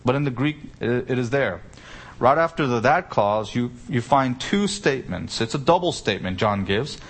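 A pastor preaches an expository sermon in a mid-range, slightly rough voice, his intonation lively and his pace moderate. He explains Greek grammar through rhetorical questions, punching key words with abrupt lifts in pitch.

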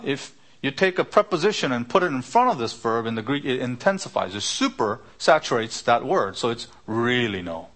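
A man's voice: medium pitch, a bit bright. A middle-aged man preaching an expository sermon in a teacherly way, explaining Greek word roots and asking rhetorical questions.

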